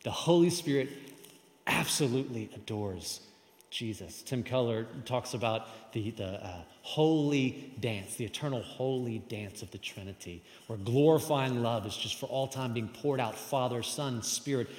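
A man's voice: medium pitch, a little slow, a little mellow. A man giving a sermon as pastor, emphatic and conversational. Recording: echoey hall with long reverb.

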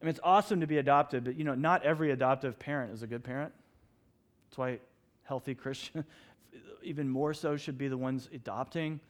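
A middle-aged man preaching a sermon in a church, telling stories with animated, acted-out outbursts. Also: mid-range voice, a little fast. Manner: animated storytelling, acts out his own shouts. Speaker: pastor.

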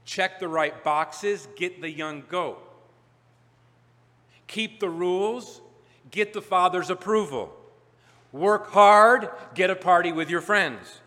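Male pastor, sermon, emphatic swells and drops, bright tone, long hall echo. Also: slow, long pauses. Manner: emphatic, building to loud peaks then dropping low.

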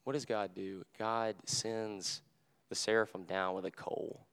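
Casual young preacher, smooth low voice. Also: male voice, a little slow. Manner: conversational and animated, with frequent fillers; drops to a hushed voice when quoting Jesus. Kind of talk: sermon.

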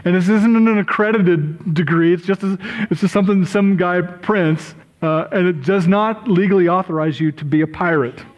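A middle-aged man preaching from the pulpit, his voice sitting high for a man. He talks in a chatty, self-deprecating way, wandering into asides and saying sorry as he goes. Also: normal speed, poor audio. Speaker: pastor. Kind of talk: sermon.

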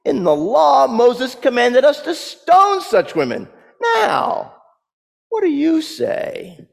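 A preacher doing a sleazy, scheming accuser who jumps high and shrill as he baits his target. The voice swings wildly in pitch and rings with the long reverb of a big hall. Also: huge pitch swings, slow pace, vocal fry, shouting, full character voice. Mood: sleazy, accusing. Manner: sleazy, mocking.

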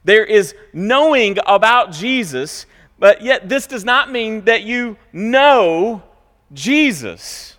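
A man preaching a sermon in a church, stressing key words loudly and dropping to quiet asides. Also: big pitch swings, takes it slowly, in a large hall. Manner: emphatic, swings between loud high stresses and quiet low asides. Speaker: pastor. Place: church sanctuary.

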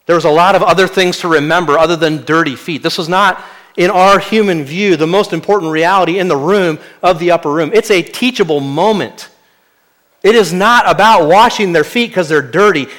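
A male pastor preaching an expository sermon. He often drops to a quiet, weighty voice for key lines. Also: a little high.

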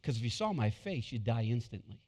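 A man's voice: mid-range voice, brisk, breathy edge. Man preaching in a reverberant hall. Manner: swings from hushed to loud excited bursts. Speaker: pastor. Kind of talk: sermon. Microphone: wireless body mic.

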